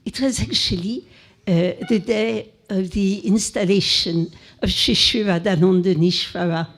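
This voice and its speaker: Older French-accented woman, unhurried and husky, reminiscing haltingly. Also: medium pitch, fairly even intonation. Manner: halting, with frequent pauses and fillers. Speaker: guest speaker. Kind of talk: recounting memories to an audience.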